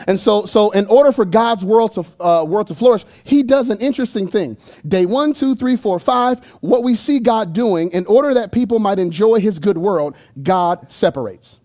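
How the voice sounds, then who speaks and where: A man's voice: high voice, lively intonation, moderate pace, few pauses, dark tone. A man preaching a sermon in a church, talking in a loose, playful, conversational way with jokes and asides to the congregation. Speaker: pastor. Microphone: handheld microphone.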